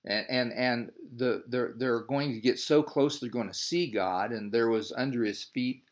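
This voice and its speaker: A man's voice: medium pitch, unhurried. Man teaching a Bible study. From United States. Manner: reads scripture aloud, then explains in a loose, rambling way full of restarts.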